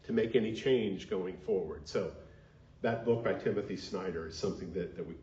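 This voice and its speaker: A man's voice: low voice, normal speed, dark tone, a little hiss or hum. A male minister preaching a sermon in an earnest way, leading the congregation in call-and-response. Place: church sanctuary. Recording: dull echoey sanctuary recording.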